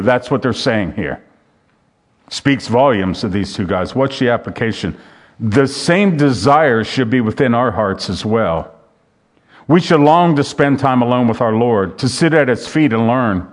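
Male preacher, mid-pitched voice, sermon delivery, reads scripture and repeats rhetorical questions. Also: expressive, a little slow.

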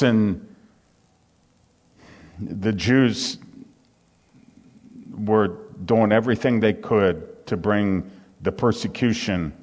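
A man preaching in a hall with a long echo trailing his words. He reads scripture aloud and pushes up into fervent emphasis as he drives home his points. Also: on the low side. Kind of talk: sermon.

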